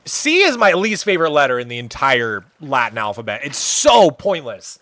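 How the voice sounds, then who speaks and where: A young man chatting casually on a live stream, animated and given to playful rants. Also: medium pitch, no echo. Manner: animated, ranting, quick to exaggerate.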